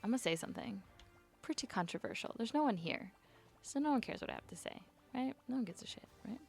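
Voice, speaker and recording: A woman chatting to herself while she plays a video game, rambling and giggly, her voice climbing high when she gets nervous. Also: expressive, quick pace, creaky, a little mellow, soft background music. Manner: rambling self-talk, giggly. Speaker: streamer. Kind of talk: casual gameplay commentary.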